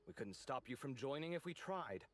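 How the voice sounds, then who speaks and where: An actor playing a dramatic, fussy young male architect in a video game, expressive and sarcastic. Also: medium pitch, moderate pace, slight background noise, close to an everyday voice. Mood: earnest, teasing. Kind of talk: game voice acting.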